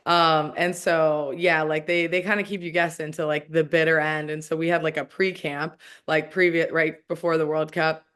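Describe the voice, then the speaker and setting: A woman's voice: deep voice, level tone, moderate pace, few pauses, a bit bright, smooth. Woman in her 30s chatting as an interview guest, says "like" constantly, keeps restarting her sentences. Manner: chatty, heavy use of "like", frequent restarts. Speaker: guest, professional soccer player. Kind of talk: casual interview conversation.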